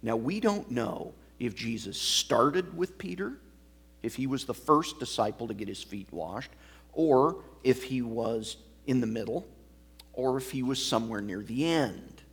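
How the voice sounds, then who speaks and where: Male pastor, husky voice, unhurried expository sermon, walks through the text point by point. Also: medium pitch, expressive. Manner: measured teaching, explaining a passage line by line.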